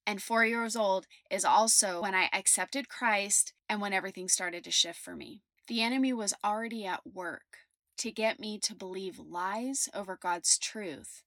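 Woman, Christian teacher, emphatic preaching, medium pitch, dry close sound. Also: moderate pace, fairly bright tone, no echo. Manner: earnest, emphatic preaching with scripture readings. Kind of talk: devotional teaching podcast.

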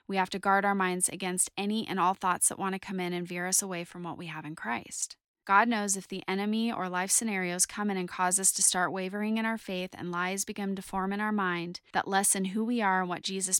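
A woman's voice: mid-range voice, fairly bright tone, dry recording, studio quality. A woman in her forties giving devotional Bible teaching, earnest and conversational, reading scripture and telling stories from her own life.

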